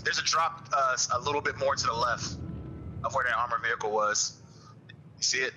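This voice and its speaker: Bright-voiced man calling out game directions. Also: mid-range voice, a little fast, a little hiss or hum, rough recording. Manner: calm, steady tactical callouts. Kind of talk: casual gaming chat.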